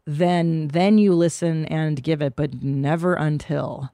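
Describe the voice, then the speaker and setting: A woman's voice: low-pitched, steady tone, slow pace, mellow, no room sound, clean studio sound. A middle-aged woman hosting a podcast in casual, jokey, profane chat. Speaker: podcast host.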